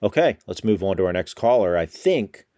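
Low-voiced guy hosting a podcast, chatty and loose, restarts a lot. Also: normal speed. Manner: relaxed, rambling with restarts. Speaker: podcast host. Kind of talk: casual podcast talk.

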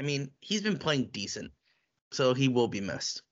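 A man's voice: mid-range voice, very animated, a little slow, lo-fi sound. A man co-hosting a podcast, chatting casually about sports with playful, teasing banter. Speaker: podcast co-host.

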